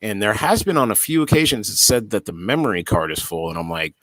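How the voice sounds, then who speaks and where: A man's voice: fairly low pitch, fast, no echo. A man hosting a dash cam channel, chatting casually and acting out his reactions as he tells stories. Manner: animated storyteller, acts out reactions. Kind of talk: casual chat.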